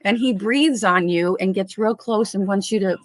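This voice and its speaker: A woman's voice: medium pitch, moderate pace, dry recording. A woman from Chicago, a guest on a podcast, talking casually and chattily with lots of fillers. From Chicago, USA. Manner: chatty and warm, laughs often, many fillers. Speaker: podcast guest, animal rescuer. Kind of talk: casual interview chat.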